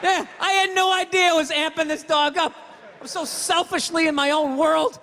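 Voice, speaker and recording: Man, stand-up comedian, profane, sarcastic rant, forceful tone, faint audience. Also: extremely high pitch, fairly even intonation, normal speed, big-room sound, a faint crowd. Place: comedy stage.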